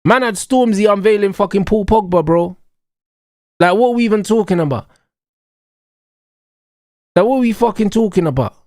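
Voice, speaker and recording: A man's voice: high-pitched, expressive, normal speed, long pauses, darkish tone, dry recording, clean studio sound. A young man ranting in a heated, mocking, slang-heavy way during a football watch-along. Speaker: streamer.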